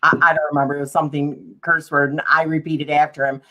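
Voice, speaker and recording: A woman's voice: sits low, flat delivery, fast, sharp tone. A middle-aged woman hosting a casual video interview, chatty and teasing. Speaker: host. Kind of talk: casual chat.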